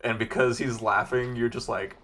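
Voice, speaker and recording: A young man with a deep voice co-hosting a podcast, chatting casually in a rambling way and laughing often. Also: fairly even intonation, moderate pace, a bit bright. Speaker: podcast co-host. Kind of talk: casual chat.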